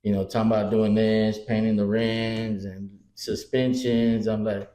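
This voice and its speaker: Man, 40s, podcast co-host, casual profane storytelling, mellow voice, roomy echo. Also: fairly low pitch, flat delivery, unhurried. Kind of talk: casual chat. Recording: echoey room.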